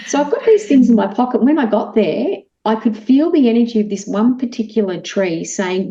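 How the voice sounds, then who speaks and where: An Australian woman, a guest on a talk show, tells a personal story in a lively way and acts out her own lines. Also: on the high side, brisk, hardly any pauses. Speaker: guest, animal communicator. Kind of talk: storytelling in casual chat. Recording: echoey room, dull lo-fi sound.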